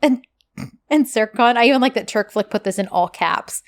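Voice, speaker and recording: A woman's voice: on the high side, moderate pace. A woman co-hosting a casual chat, animatedly retelling scenes and acting out the characters' lines. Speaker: podcast co-host recapping a TV drama.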